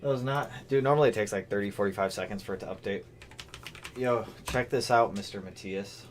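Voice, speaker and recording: Man, livestream host, casual chat, excitable, shouts out names. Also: on the low side, brisk, a little hiss or hum. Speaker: car channel host.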